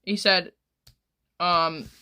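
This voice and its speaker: A woman's voice: on the low side, fairly even intonation, very slow, sharp tone, smooth. A woman in her twenties, a streamer rambling through crude stories in casual chat. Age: 20s.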